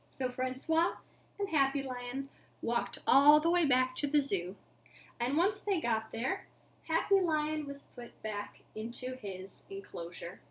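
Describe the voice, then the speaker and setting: A woman children's librarian reading a picture book aloud at home, with expressive, dramatic, drawn-out storytelling and pauses for suspense. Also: high-pitched.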